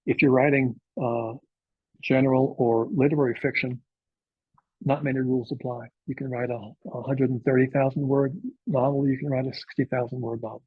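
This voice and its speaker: A man's voice: medium pitch, flat delivery, fairly quick, slightly rough, dry recording, phone-quality sound. A man, a novelist, giving an informal workshop talk to writers, speaking conversationally with frequent filler uhs and checking in with "okay?".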